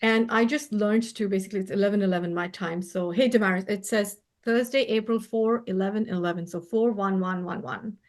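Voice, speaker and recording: Gentle, effusive woman on a video call. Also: medium pitch, steady tone, fairly quick, few pauses. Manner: gentle, effusive, laughs often. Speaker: spiritual healer and co-host. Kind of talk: casual heartfelt conversation.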